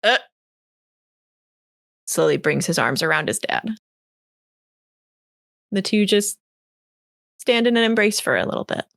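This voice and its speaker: A woman narrating a tabletop role-play game as game master, in a casual way with fillers, putting on quick voices for the characters. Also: mid-range voice, big pitch swings, creaky, fairly bright tone, no room sound, studio quality.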